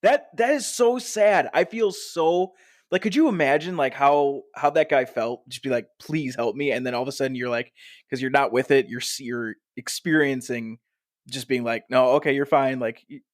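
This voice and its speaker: A man co-hosting a podcast in casual chat, animated and quick to swear and laugh. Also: mid-range voice, no echo, studio quality. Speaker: podcast co-host.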